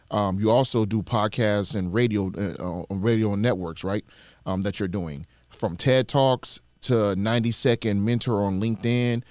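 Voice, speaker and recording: A man's voice: fairly low pitch, a little mellow, no echo. A man hosting a podcast interview, encouraging his guest and murmuring agreement as he listens. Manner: encouraging, frequent back-channel murmurs. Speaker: podcast host.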